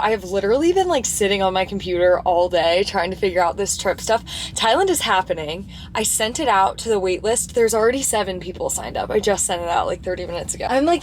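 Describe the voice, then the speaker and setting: A young woman vlogging casually to camera from inside her camper van, chatty and excitable, full of filler words. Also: mid-range voice, a little fast, few pauses, slight background noise. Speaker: vanlife vlogger. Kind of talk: casual vlog talk to camera.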